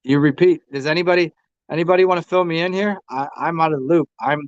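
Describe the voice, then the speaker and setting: A man's voice: fairly high pitch, fast talker, dry recording, highs cut off. An American man hosting a casual tarot livestream, rambling and crude, taunting the people who join. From United States. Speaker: livestream host reading tarot.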